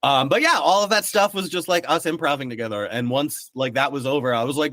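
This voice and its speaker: A young man, the game master, chatting casually on a podcast, relaxed and quick to laugh, often trailing off mid-sentence. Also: mid-range voice, no room sound.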